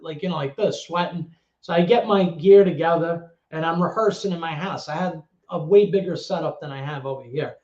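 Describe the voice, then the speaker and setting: A middle-aged man from the Bronx, New York, talks fairly quickly as a guest in a casual storytelling interview, a former actor and DJ with animated, streetwise flair who mimics voices and swears freely. His pitch is a little high for a man, recorded in an echoey room with dull, lo-fi sound.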